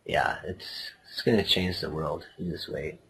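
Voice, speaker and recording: A man co-hosting a casual late-night podcast with dry, deadpan remarks. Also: low-pitched, unhurried, a little hiss or hum, low-quality recording. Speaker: podcast co-host.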